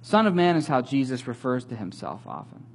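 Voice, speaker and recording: Guy pastor preaching, kinda husky, voice bouncing all over, joking around casual. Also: mid-range voice, fairly quick. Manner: conversational, animated storytelling with light humor. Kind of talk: sermon.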